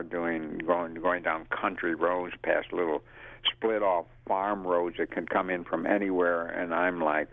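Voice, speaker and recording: Brief: older male actor, very low and gravelly, animated anecdotes over a phone line. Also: no room sound. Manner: lively storyteller who acts out quotes and laughs. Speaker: actor interviewee. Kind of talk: casual anecdotal interview.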